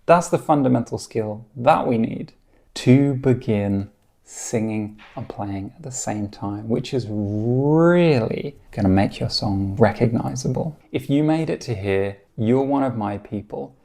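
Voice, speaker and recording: A man teaching a guitar lesson, explaining calmly and encouragingly, counting beats aloud and singing short snippets. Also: medium pitch, measured pace, vocal fry.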